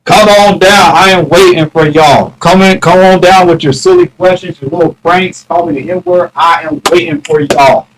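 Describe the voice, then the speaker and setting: A man's voice: on the high side, fairly even intonation, slight background noise, rough recording. A man rambling casually to his viewers on a phone live stream, greeting chatters by name and drawing out mock taunts. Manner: mock-challenging, drawn-out taunts. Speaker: livestreamer.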